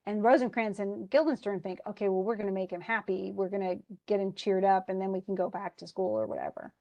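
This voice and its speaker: A woman's voice: mid-range voice, lively intonation, fast talker, muffled recording. Woman casually retelling a play. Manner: paraphrases lines in everyday speech, many fillers. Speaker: teacher.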